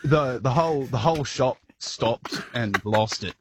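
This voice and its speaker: A man's voice: mid-range voice, a little slow, background noise. A man calling a radio show, telling a story with dry humour. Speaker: caller.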